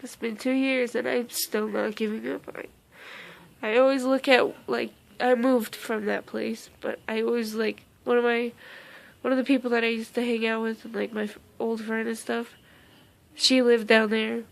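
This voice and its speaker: A young woman telling a personal story in a casual vlog, emotional and close to tears, talking haltingly with many fillers and restarts. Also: a little high, level tone, vocal fry. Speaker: vlogger.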